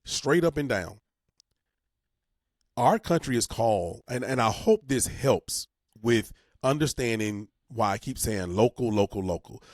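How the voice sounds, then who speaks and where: On a community talk show, a male co-host explains civics in an emphatic, folksy style, repeating words to drive points home. His voice is mid-range with lively intonation and an unhurried pace. The studio recording is dry and clean.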